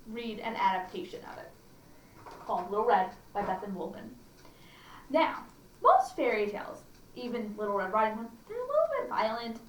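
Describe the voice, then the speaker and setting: A woman hosting a library storytime, chatting and reading a fairy tale aloud with fillers and restarts. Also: on the high side. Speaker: children's librarian. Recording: roomy echo, distant mic, faint hum.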